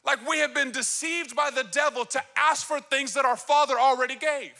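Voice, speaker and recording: A male pastor preaching a sermon from a church stage, energetic and emphatic. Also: very high-pitched, normal speed, creaky.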